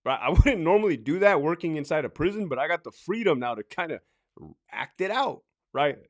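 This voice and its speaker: A man's voice: fairly high pitch, animated, a little fast. A middle-aged man and former corrections officer giving blunt, profane advice in a casual monologue. He laughs often and acts out other people's lines.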